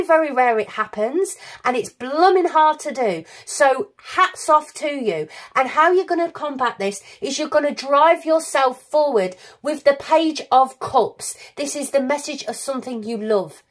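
A woman reads tarot cards to her audience, gushing with encouragement and openly emotional about the reading. Her voice sits high and bright, and she carries on in a warm, heartfelt run of reassurance. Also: lively intonation, moderate pace, hardly any pauses. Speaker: tarot reader. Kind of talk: recorded tarot reading to viewers.

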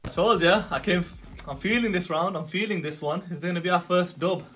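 A young man giving excitable live commentary on his gameplay, swinging from muttering to shouting. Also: high voice, brisk, slight background noise. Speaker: gaming YouTuber. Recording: music playing under the voice.

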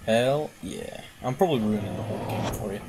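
A man's voice: fairly low pitch, quick pace, a little hiss or hum. A man casually commentating on a puzzle game as he plays, exclaiming and swearing at it. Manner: excitable, swears and exclaims while playing. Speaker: gaming video host. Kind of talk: casual let's-play commentary.

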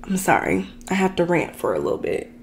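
A woman's voice: lowish voice, very animated, fairly quick, a little hiss or hum. A woman vlogger telling a dramatic personal story in a chatty, ranting way, talking straight to her viewers. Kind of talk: casual storytime rant.

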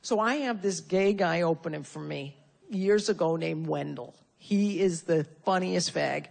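A woman's voice: on the low side, measured pace, gravelly, a little mellow. A woman performing a stand-up comedy routine on stage before a live audience, brash and profane with insult humor.

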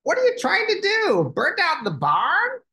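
A man voicing a grouchy, indignant goose in a storybook read-aloud, scolding loudly. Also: extremely high pitch, wildly swooping pitch, unhurried, roomy sound, voice pushed up, exaggerated voice. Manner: squawking, scolding.

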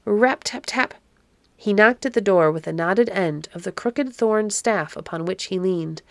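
A woman reading a classic storybook aloud as narrator, measured and expressive. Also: medium pitch, vocal fry, dry recording.

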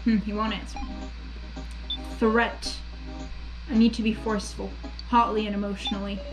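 A woman's voice: medium pitch, little pitch movement, normal speed, over music, low-quality recording. A woman playing a video game for a let's play, reading the dialogue aloud in a gushing, playful manner. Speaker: gamer playing through a game.

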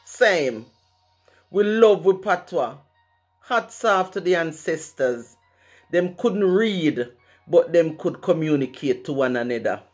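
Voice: medium pitch, expressive, slow pace, faint music behind. A speaker from Jamaica with a Jamaican accent, reciting a rhyming poem in a rhythmic way, using patois phrasing. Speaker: poet.

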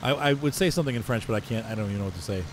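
A man casually commentating his own farming game, chatty and self-mocking, often jumping into playful high exclamations. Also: racing, noisy background. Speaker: gameplay commentator. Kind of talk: casual let's-play commentary.

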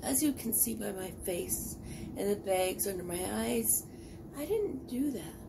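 A woman's voice: mid-range voice, lively intonation, a little slow, vocal fry, noisy background. A tired woman chatting casually while cooking in her home kitchen, rambling and poking fun at herself. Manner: rambling, self-deprecating chatter. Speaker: vlogger.

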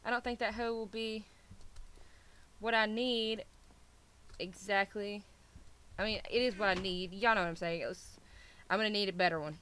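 Bright-voiced playful young woman gamer. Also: medium pitch, fairly even intonation, moderate pace, long pauses, slight background noise. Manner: playful, scolds pets, self-mocking. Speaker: gaming video host. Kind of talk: casual chat while playing.

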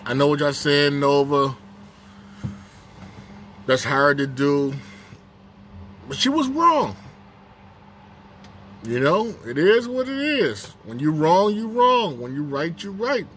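A man with a medium-pitched, somewhat bright voice talks bluntly in a casual vlog he hosts during a work break. He hammers his points by repeating them. Slight background noise can be heard.

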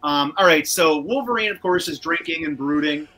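A man's voice: fairly high pitch, normal speed, sharp tone, poor audio. A man co-hosting a casual cartoon rewatch show, chatting and reading out viewer comments. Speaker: podcast co-host.

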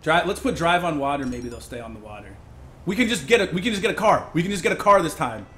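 Excitable young man streaming gameplay. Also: on the high side, quick pace. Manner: excitable, yelling and laughing in bursts. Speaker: gaming streamer. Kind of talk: live gameplay commentary.

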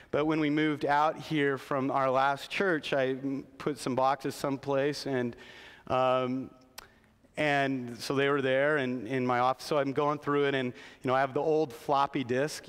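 Recorded with the long echo of a church hall, a middle-aged man preaches as pastor in a large sanctuary. His voice is medium-pitched and smooth; he's earnest and often starts his phrases over.

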